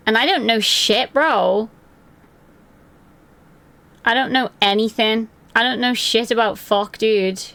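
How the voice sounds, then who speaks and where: Rambly young woman with a gravelly voice. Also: a little high, a bit bright. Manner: chatty, rambling, answers chat by name. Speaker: live streamer. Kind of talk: casual live-stream chat. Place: her room at home.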